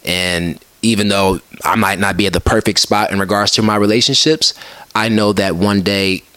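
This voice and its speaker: A man's voice: on the low side, steady tone, moderate pace, fairly bright tone, smooth, no echo. A man co-hosting a casual podcast chat, giving a profane, fired-up motivational speech full of restarts. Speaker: podcast co-host.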